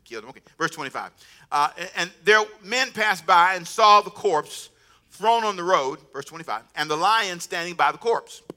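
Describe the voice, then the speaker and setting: Bright, high-voiced laughing preacher man. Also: normal speed. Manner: humorous, animated preaching with laughter. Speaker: pastor. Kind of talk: sermon.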